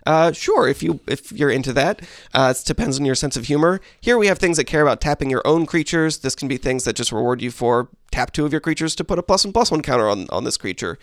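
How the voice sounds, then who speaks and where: A man co-hosting a casual podcast chat, explaining things at length in a measured, dryly joking way. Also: fairly high pitch, expressive, no echo, clean studio sound. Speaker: podcast co-host.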